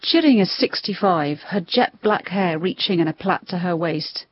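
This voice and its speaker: A woman's voice: lowish voice, normal speed, lo-fi sound. A woman reporter narrating a documentary on location, descriptive and awed, slightly out of breath. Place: outdoors in a mountain village.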